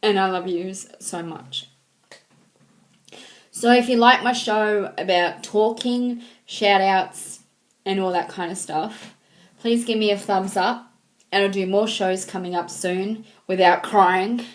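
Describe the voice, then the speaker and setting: A woman in her thirties speaks to her viewers at an unhurried, slow pace. Her talk is halting and sentimental, full of ums and restarts, in a medium-pitched voice. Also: fairly even intonation. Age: 30s. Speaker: vlogger. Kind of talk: casual heartfelt talk to camera.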